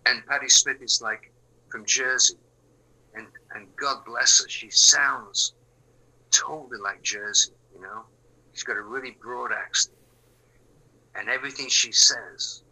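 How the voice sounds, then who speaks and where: Hombre mayor de Inglaterra, voz muy brillante. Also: male voice, mid-range voice, steady tone, measured pace, pauses often, poor audio. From England. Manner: rambling, frequent fillers and restarts, drops to quiet asides. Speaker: musician guest. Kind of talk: relaxed interview chat.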